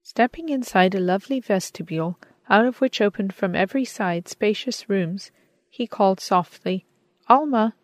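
A woman narrating an audiobook in a measured, gentle manner. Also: mid-range voice, no echo. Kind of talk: audiobook reading.

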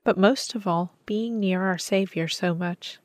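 A woman's voice: medium pitch, a little slow, dry recording, studio quality, natural voice. A woman voicing a sweet, devout young girl who speaks eagerly and tenderly in a storybook reading. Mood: devoted.

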